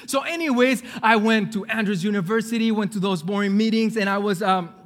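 A high-voiced male preacher telling a story in a sermon, animated and acting out the people in it. His voice rings through a large hall with long reverb. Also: fairly quick. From California.

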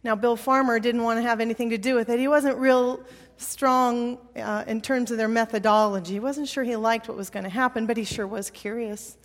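A woman preaches a sermon in a storytelling way, hammering her points with repetition. Her voice sits somewhat high. It carries a long reverb from a large church hall. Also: fairly even intonation, brisk.

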